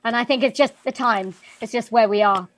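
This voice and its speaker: A woman's voice: a little high, fairly quick, no room sound, rough recording. A woman from Wales who speaks with a general British English accent, a singer and voiceover artist talking in an interview in a chatty way with many fillers. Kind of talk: interview conversation.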